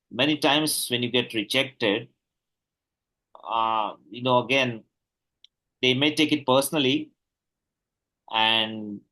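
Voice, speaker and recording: A man hosting a podcast interview, speaking in a measured way and asking long questions padded with fillers. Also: medium pitch, sharp tone, rough recording. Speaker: podcast host.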